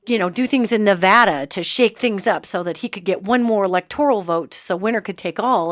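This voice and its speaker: A woman's voice: mid-range voice, no room sound, clean studio sound. A woman from the United States hosting a show, talking in a chatty, emphatic monologue with sarcastic asides. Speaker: host and psychic. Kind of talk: casual monologue.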